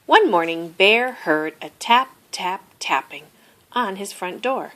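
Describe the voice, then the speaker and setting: At a medium pitch, a woman reads aloud from a children's picture book, drawing out the story slowly and expressively.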